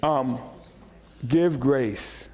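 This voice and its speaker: A man preaching a sermon as pastor, joking and animated, repeating phrases as he speaks to the congregation. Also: medium pitch, drawn-out words. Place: church sanctuary.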